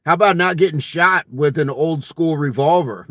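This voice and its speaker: A man's voice: a little high, normal speed, few pauses, fairly bright tone, dry recording. A man hosting a casual fitness live stream, reading viewer comments aloud in a jokey, friendly way and laughing often.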